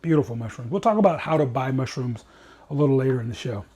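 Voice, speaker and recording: A man's voice: medium pitch, expressive, fast, warm tone, slightly rough. A man hosting a cooking show, chatting in an upbeat way with rambling asides as he cooks. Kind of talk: casual cooking demonstration.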